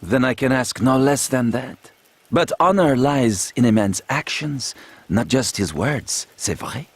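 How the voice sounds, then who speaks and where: An actor playing a proud, flattering gunsmith with a French accent, in a video game. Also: male voice, mid-range voice, unhurried, breathy edge, no room sound. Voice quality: fawning, theatrical salesman manner.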